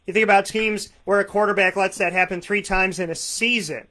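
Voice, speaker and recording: A man with a high, bright, forceful voice co-hosts a fantasy football radio hour. He talks in an animated, emphatic way and keeps calling his listeners folks. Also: fairly quick. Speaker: co-host.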